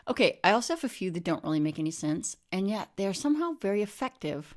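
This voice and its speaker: A woman telling a comic monologue in a deadpan, wry way, often dropping into whispered asides. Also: lowish voice, quick pace. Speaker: storyteller.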